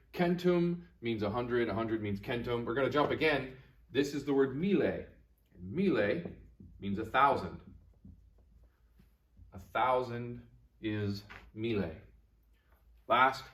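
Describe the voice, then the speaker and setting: Recording a video lesson for young students, a male Latin teacher explains things with plenty of rise and fall in his pitch. He says each word slowly and patiently, more than once, in an encouraging, friendly tone.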